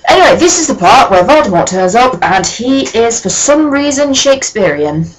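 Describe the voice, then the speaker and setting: A woman reads a story aloud for laughs, stopping often to mock it in a sarcastic, deadpan tone. She swears freely and moves from flat mutters to excited outbursts. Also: on the high side, moderate pace, poor audio. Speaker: reader and commentator. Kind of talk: comedic dramatic reading with commentary.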